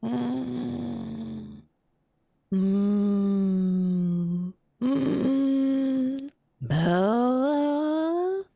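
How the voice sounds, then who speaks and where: Woman voicing a raspy, windy shadow spirit. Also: on the high side, mellow, dry recording, clean studio sound, pitched above the performer's own voice, exaggerated voice. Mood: tearful. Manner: drawn-out, pleading, tearful. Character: mournful shadow spirit, slithering and clinging.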